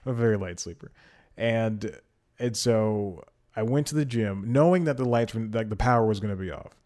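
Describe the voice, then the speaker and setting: A man's voice: fairly low pitch, lively intonation, moderate pace, a little mellow. Rambling, self-amused male podcast host. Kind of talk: casual solo podcast chat. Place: home in a storm-hit city.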